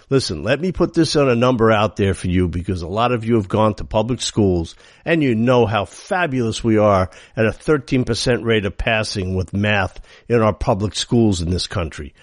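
Brief: male talk radio host, sarcastic and heated, very lively pitch, dry studio sound. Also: dry recording. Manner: heated, sarcastic, rhetorical questions. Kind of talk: opinionated talk radio monologue.

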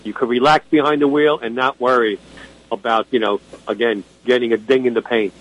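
A man's voice: mid-range voice, fairly even intonation, fairly quick, a bit bright, low-quality recording. A man from Brooklyn, co-hosting a radio car show in a blunt, opinionated, joking way. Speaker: co-host. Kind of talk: casual radio chat.

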